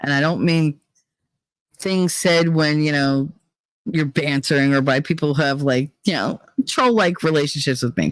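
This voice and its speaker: A woman's voice: deep voice, no room sound. A woman hosting a livestream, reading out chat and talking things through in a candid, joking way, her voice a little worn. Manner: candid, joking, drifts between reading chat and musing aloud. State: tired, voice worn.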